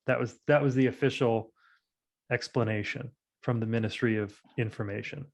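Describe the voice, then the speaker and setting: Man from ohio, podcast host, mid-pitched voice, loose casual talk, halting restarts. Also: steady tone, gravelly. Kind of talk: casual chat.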